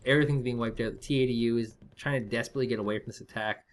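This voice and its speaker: A man calls a strategy game match in loose, casual commentary. He rambles and jokes as he thinks aloud, in a voice of ordinary, middling pitch. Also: fairly even intonation, fast talker, slight background noise. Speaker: esports caster.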